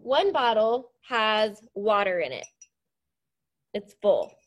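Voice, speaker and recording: A woman's voice: mid-range voice, very animated, slow pace, lo-fi sound, background noise. A woman teacher leading a science lesson, explaining step by step in an upbeat, encouraging way. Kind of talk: classroom science demonstration.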